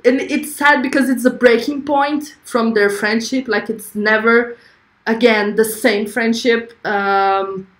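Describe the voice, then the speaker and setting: A woman's voice: on the high side, steady tone, slow, echoey room. A young woman hosting a livestream, chatting effusively and reading viewer comments aloud. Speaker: livestream host. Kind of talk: casual livestream chat.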